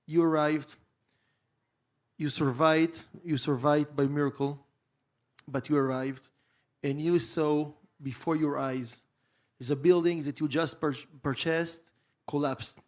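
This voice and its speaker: A man moderating a conference interview, setting up his question in an earnest, deliberate way. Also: a little high, steady tone, darkish tone.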